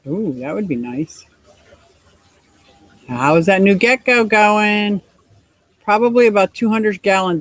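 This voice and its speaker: A woman's voice: medium pitch, no echo, low-quality recording. A middle-aged woman hosting a casual livestream chat, reading out viewer comments and laughing often. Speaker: livestream host.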